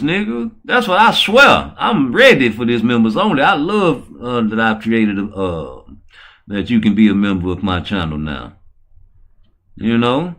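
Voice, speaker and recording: A man hosting his own channel, talking in a profane, boisterous, rambling way that swings between low mutters and loud excited bursts. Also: normal speed. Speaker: channel host. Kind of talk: rambling livestream talk.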